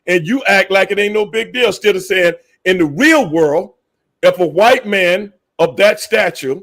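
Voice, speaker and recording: Emphatic, profane man on a podcast. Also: high voice. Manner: emphatic, profane, repeats points. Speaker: podcast co-host. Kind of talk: casual podcast debate.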